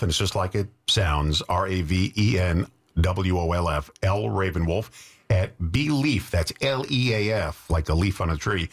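A man hosting a local radio talk show, chatting casually and rambling into jokey asides. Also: on the low side.

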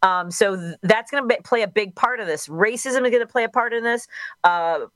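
A woman's voice: mid-range voice, a little fast, a bit bright, dry recording. A middle-aged woman from Chicago, a radio host speaking as a guest in a radio interview, candid and thinking aloud with restarts.

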